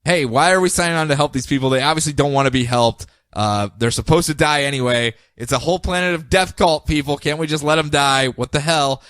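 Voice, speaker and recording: A man's voice: a little high, brisk, hardly any pauses, fairly bright tone, no room sound, natural voice. A man voicing a grumbling, reluctant male space cop who speaks begrudgingly and sarcastically. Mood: irritated.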